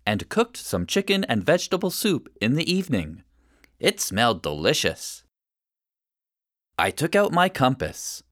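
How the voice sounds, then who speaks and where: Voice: medium pitch, dry recording, clean studio sound. A storyteller reading a first-person children's story aloud with expression.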